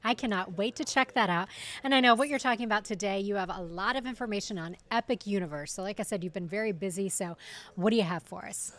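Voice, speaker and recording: A woman's voice: medium pitch, quick pace, fairly bright tone. A woman news anchor hosting a live studio chat segment, upbeat and friendly. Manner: friendly, upbeat, laughs often.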